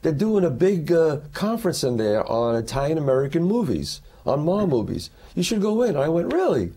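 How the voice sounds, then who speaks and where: A man, an actor, talking as a guest in an interview and telling animated stories in which he acts out other people's lines. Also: a little high, a little fast, slightly rough. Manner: lively storyteller who acts out the quotes.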